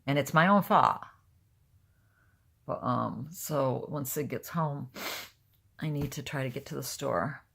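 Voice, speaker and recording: Gravelly-voiced older woman, blunt. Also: very deep voice, takes it slowly, long pauses, a bit bright. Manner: blunt, rambling, openly emotional. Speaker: vlogger. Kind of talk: casual talk to camera.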